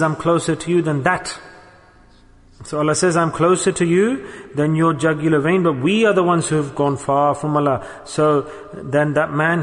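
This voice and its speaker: Speaking in what sounds like a big hall with long reverb, a preacher delivers a sermon in a somewhat high, slightly bright voice. He moves from narrative passages into recited Arabic verses and back.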